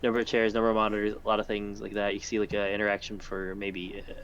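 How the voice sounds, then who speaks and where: A man's voice: on the low side, monotone, quick pace, a bit bright, slight background noise. Rambling game-master man, muffled recording. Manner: loose, rambling description with many fillers. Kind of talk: narrating a tabletop game.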